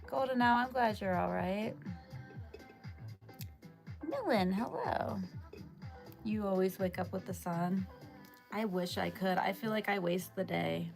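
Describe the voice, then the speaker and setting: A woman's voice: mid-range voice, measured pace, creaky, long pauses, faint music behind. A woman hosting a casual livestream from home, chatty and greeting viewers by name, tired after just waking up. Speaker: livestream host. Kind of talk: casual live chat with viewers.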